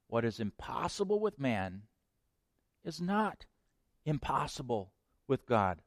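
A man pastor preaching with emphatic force, his pitch and loudness swinging dramatically from phrase to phrase. He sits in the middle of the typical male range. The recording is dry and close, with no room echo. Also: expressive, moderate pace, pauses often. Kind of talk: sermon.

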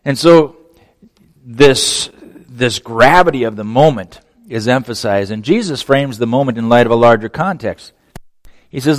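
Animated and theatrical, this pastor voices the people he quotes and trails off into near-whispers as his phrases close. He speaks at normal speed with a medium-pitched male voice. A large hall's long reverb surrounds the sermon.

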